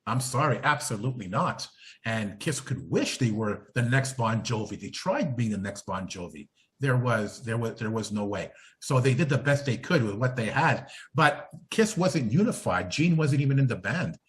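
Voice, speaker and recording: A man's voice: medium pitch, expressive, normal speed. A man on a podcast panel, giving blunt and strongly opinionated views in a casual talk.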